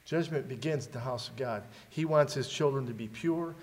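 A man's voice: medium pitch, moderate pace, darkish tone. Man, preacher, sermon, rhetorical questions, church hall, long reverb. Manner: rhetorical questions to the congregation, dramatic readings.

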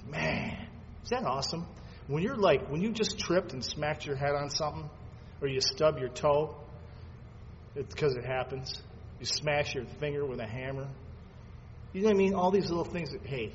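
A man preaching a sermon, swinging between fervent loud peaks and quiet asides as he reads scripture aloud. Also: fairly high pitch, moderate pace. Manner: reads scripture aloud in old-fashioned phrasing. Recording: dull lo-fi sound with long hall reverb and faint background noise.

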